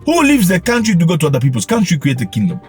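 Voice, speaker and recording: A man's voice: high voice, wildly swooping pitch, very fast, soft background music. A man hosting his own commentary channel, delivering an emphatic, scolding monologue full of rhetorical questions.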